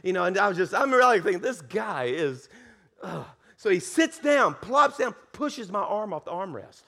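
A Southern man preaching from the pulpit, spinning a story with a lot of self-mocking humor. His voice sits fairly high and swings up and down as he acts out every beat. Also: sing-song, moderate pace, creaky, pushed and bright. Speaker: pastor. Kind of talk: sermon storytelling.

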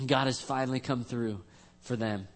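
A man's voice: medium pitch, steady tone, moderate pace. A man preaching a sermon as a pastor, earnest and conversational, with frequent restarts.

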